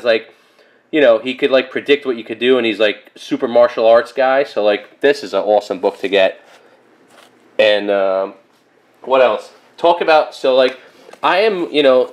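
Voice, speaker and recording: Rambling casual male comic collector. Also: medium pitch. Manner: rambling, animated storytelling with many fillers. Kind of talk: casual haul vlog.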